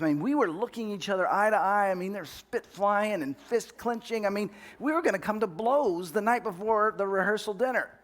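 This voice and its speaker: High-voiced man telling a heartfelt story. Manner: earnest and animated, acts out quoted arguments with raised voice, laughs at himself. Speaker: speaker sharing a personal story. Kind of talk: personal testimony storytelling.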